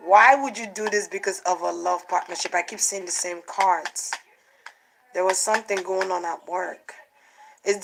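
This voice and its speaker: A woman doing a casual spiritual card reading for her channel, talking in an animated way, repeating phrases and acting out what others might say. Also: medium pitch, vocal fry, slight background noise, rough recording. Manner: animated, repeats herself, acts out quotes. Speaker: tarot card reader.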